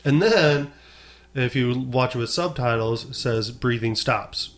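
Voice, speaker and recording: Unhurried joking man. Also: mid-range voice. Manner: jokey, quick to laugh and quip. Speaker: podcast co-host. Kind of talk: casual chat.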